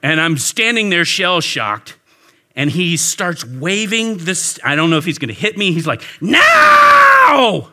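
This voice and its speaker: Bright-voiced pastor telling a story. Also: male voice, on the high side, moderate pace, slight background noise. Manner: animated storyteller, talks with the audience. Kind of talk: storytelling sermon. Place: warm indoor church hall with an audience.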